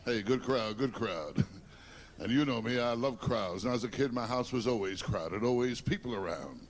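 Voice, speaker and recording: A man from Long Island doing a stand-up routine, complaining about himself in quick self-deprecating one-liners. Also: medium pitch. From Long Island, New York. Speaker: stand-up comedian. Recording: noisy live recording.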